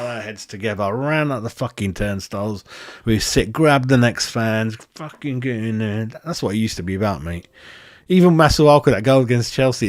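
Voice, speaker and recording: A man hosting a football fan channel, reviewing a match in blunt, excitable, heavily sworn chat. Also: mid-range voice, no room sound, clean studio sound. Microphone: handheld microphone.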